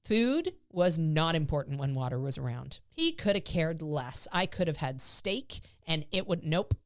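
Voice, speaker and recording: Lady dog trainer on a podcast, low voice, dry close sound, acts out little quotes. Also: moderate pace, dry recording. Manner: explains with lively acted-out quotes of her dog. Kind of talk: casual podcast chat.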